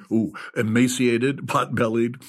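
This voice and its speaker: Husky, giggling stoned male storyteller. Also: medium pitch, fairly even intonation, slow. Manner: giggly, stoned, keeps breaking into laughter. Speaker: storyteller in a one-man comic monologue. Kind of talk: first-person comic storytelling performance.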